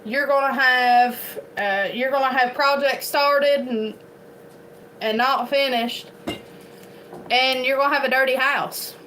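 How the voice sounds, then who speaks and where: A woman's voice: high-pitched, steady tone, slow, sharp tone, a little hiss or hum, rough recording. A woman from Eastern Kentucky with an Appalachian accent, chatting casually and rambling as a homestead vlogger, laughing often. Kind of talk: casual chat to camera.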